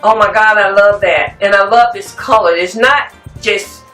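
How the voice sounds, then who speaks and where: At a moderate pace and mid-range pitch, a woman chats loosely and wanders a bit while presenting home decor finds to her viewers. Recorded from a distance in an echoey space, with soft music, it feels like a casual show-and-tell.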